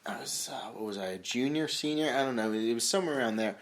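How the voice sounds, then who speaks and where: A man's voice: mid-range voice, quick pace. Casual young man telling a story. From US desert region. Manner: storytelling with acted quotes and swearing. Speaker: podcast host. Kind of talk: casual chat.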